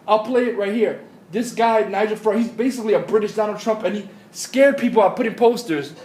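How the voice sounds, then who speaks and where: A man's voice: high voice, a little fast, a little mellow, roomy sound. A man vlogging a profane, agitated political rant with blunt, repetitive phrasing. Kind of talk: ranting commentary.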